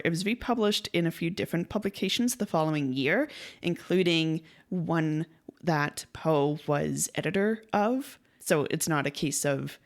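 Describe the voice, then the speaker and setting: A young woman co-hosts a casual podcast in a chatty, storytelling way. Her voice sits on the lower side for a woman. She acts out quoted lines and laughs easily as she talks. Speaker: podcast co-host.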